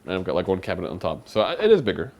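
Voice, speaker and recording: A man's voice: sits low, huge pitch swings, racing, a little mellow, slight background noise. A man co-hosting a live stream from a home kitchen, chatting casually while he cooks and thanks viewers for donations. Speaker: streamer co-host.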